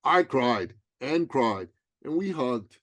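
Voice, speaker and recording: A middle-aged man, a business coach interviewed as a guest, telling a story with animated, dramatic emphasis. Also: mid-range voice, slow, no room sound.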